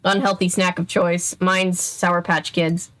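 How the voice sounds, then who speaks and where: A woman's voice: fairly low pitch, level tone, measured pace, fairly bright tone. A woman in her twenties hosting a casual read-aloud stream at home, chatty and self-interrupting, laughing often as she reads. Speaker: channel host. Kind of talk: casual reading with live chat.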